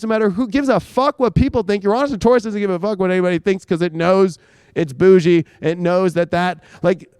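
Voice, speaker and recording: A man's voice: sits high, a little mellow, clear, resonant tone, dry recording. A man hosting a live astrology talk, rambling and emphatic with frequent swearing. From United States. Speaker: astrologer host.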